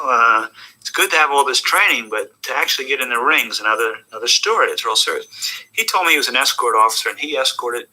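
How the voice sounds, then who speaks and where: An older American man recounts his memories in an interview, with animated, joking delivery. His voice has a hard, forceful edge and sits at an ordinary pitch for a man. Now and then he sinks to a hushed tone before picking up again. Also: low-quality recording. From United States. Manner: animated, jokey storyteller with sudden drops to a hushed tone. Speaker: interview guest. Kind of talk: conversational storytelling.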